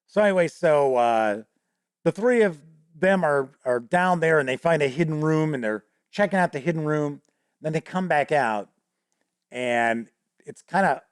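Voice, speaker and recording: The host, a man with a fairly high pitch, recounts a story from his tabletop game in a casual, rambling way. He restarts often and performs his players' voices, all on a dry, studio-quality recording.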